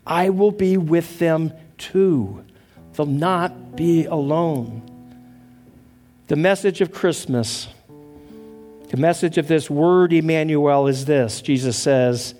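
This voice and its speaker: A man preaching a Christmas sermon as pastor, telling a story earnestly and praying in a hushed voice. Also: a little high, takes it slowly, soft background music.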